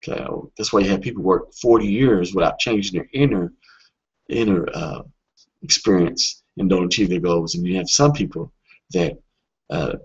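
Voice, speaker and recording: Speaking in a fairly low, husky voice, a man coaches through a webinar lesson with a relaxed, sincere tone. He often halts on filler words or begins sentences again, and the recording is dull and lo-fi.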